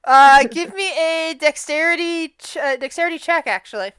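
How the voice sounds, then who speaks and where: A woman's voice: extremely high pitch, normal speed, fairly bright tone, no room sound. A woman running a tabletop game as game master, stammering and restarting as she narrates.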